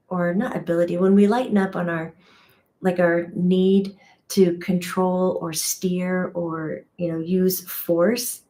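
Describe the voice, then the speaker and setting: A woman with a lowish, mellow voice teaches about intuition during a casual livestream. She's chatty, often laughs at herself and restarts her phrases as she shares spiritual ideas.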